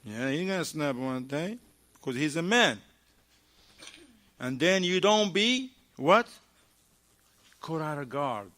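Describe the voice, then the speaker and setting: A man giving an animated talk at a mosque, firing rhetorical questions at the audience and acting out short dialogues. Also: a little high, slow pace, pauses often. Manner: acts out little dialogues in shifting voices. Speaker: mosque lecturer. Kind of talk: lively mosque talk on marriage.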